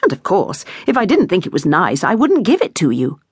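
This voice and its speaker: A woman's voice: lowish voice, wildly swooping pitch, a little fast, husky, dry recording, studio quality, heavily acted. A woman narrator voicing a chattering, gushing neighbour woman who is a mother, in an effusive, breathless manner, as an audiobook character.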